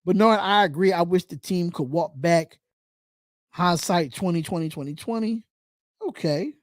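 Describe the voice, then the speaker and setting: A man's voice: sits high, moderate pace, dry recording, clean studio sound. A man hosting a casual live fan podcast, reading viewer comments aloud and repeating his points in loose, chatty speech. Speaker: podcast host. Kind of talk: casual live-stream chat.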